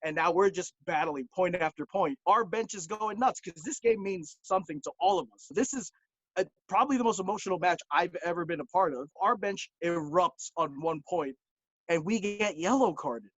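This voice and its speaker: Male guest, high voice, earnest storyteller; lo-fi dry call audio. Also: normal speed, a bit bright, dry recording. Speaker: podcast guest, volleyball player. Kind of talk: casual chat.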